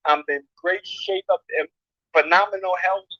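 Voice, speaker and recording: A man's voice: high-pitched, fairly even intonation, moderate pace, bright, forceful tone, no echo. A man in his fifties giving an emotional, boastful interview as a guest over a call. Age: 50s. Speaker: guest, returning boxer. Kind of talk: casual interview talk. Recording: dull lo-fi call audio.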